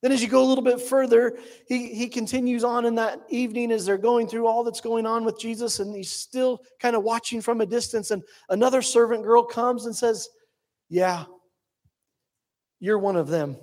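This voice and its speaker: A man preaching a sermon, telling the story quickly and then dropping to slow, hushed lines. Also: very high-pitched, flat delivery. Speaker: pastor.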